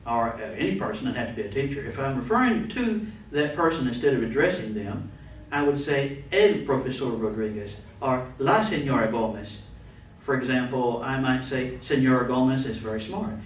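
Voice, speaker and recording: Man lecturing in a very echoey room. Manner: slow, deliberate, spells words letter by letter. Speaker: Spanish teacher. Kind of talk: recorded grammar lecture. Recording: very echoey room, distant mic, faint rumble.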